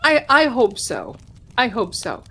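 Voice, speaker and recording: A woman hosting a live stream speaks in a fairly high voice at an unhurried, leisurely pace. She talks in a folksy, chatty way, addressing her viewers as darlings and telling a story about her childhood. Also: wildly swooping pitch, pushed and bright, breathy edge. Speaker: live stream trivia host. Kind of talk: casual chat, storytelling to viewers.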